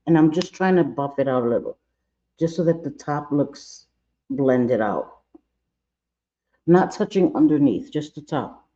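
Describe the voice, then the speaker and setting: A man's voice: a little high, warm tone. Chatty man doing makeup on a lo-fi stream. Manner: chatty, playful, scolds his own eye and brush aloud. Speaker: makeup vlogger. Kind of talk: casual makeup tutorial livestream.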